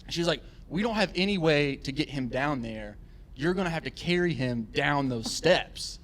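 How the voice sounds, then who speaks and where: A man tells a comic story on a live podcast, his voice sitting a little high. He slips into the voices of the people in his tale. He keeps the telling lively. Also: moderate pace. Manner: animated, acts out quoted voices. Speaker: guest storyteller.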